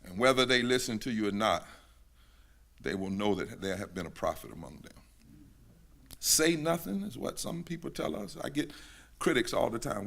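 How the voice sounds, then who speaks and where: A man preaching a sermon at a synagogue gathering, in a forceful, bright voice of ordinary pitch. He preaches in rhythmic repetitions that build to shouted climaxes. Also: sing-song, normal speed, vocal fry, pauses often. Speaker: pastor.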